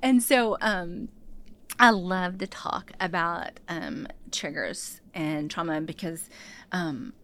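A woman, a pastor and therapist, speaking as a podcast guest, animated and acting out what people say. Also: on the low side, takes it slowly. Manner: animated storyteller, acts out quotes. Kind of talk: casual podcast interview.

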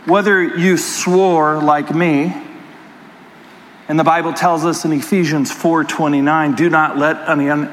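A pastor delivering a sermon with an animated personal story, talking straight to his congregation. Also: fairly high pitch, big-room sound, slight background noise, low-quality recording.

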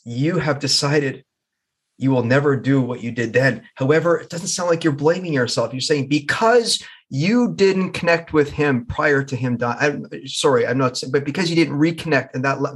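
A man's voice: fairly high pitch, husky. A man hosting an interview, effusive and affirming, reflecting at length before he asks his questions. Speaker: podcast host.

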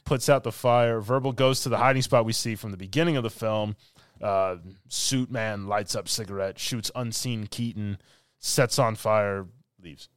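A man's voice: fairly low pitch, steady tone, normal speed, clear, resonant tone, no echo, studio quality. A man co-hosting a podcast, casually recapping a film and acting out lines in silly voices. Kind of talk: casual chat.

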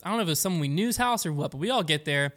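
Fast-talking young man rambling through a story. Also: a little high, animated, fairly bright tone. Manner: rapid, rambling, quotes friends in raised voices. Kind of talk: casual storytelling chat.

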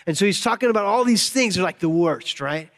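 A man's voice: high-pitched, animated, brisk, fairly bright tone. A man giving a casual, conversational sermon, often restarting his sentences. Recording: reverberant hall.

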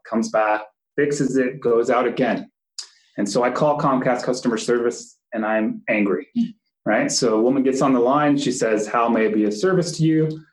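Middle-aged male police instructor, casual lecture delivery, echoey room. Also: mid-range voice. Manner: conversational, with fillers and asides. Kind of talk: teaching a class.

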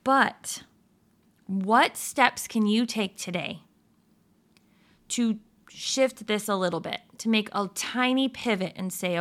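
A woman's voice: mid-range voice, slow pace, long pauses. A woman giving casual devotional encouragement, speaking earnestly, firing off rhetorical questions and laughing at her own slips.

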